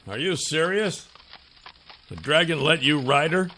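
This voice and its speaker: A man voicing an older male companion who is kindly and wary, speaking softly and gently. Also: fairly high pitch, animated, unhurried, voice pushed up, full character voice. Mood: gentle.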